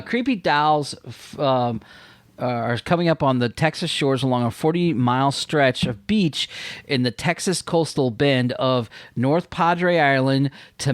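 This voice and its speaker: A man's voice: medium pitch, measured pace, clean tone, no echo, clean studio sound. A man hosting a casual podcast, joking and swearing freely as he reads out odd news stories. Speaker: podcast host.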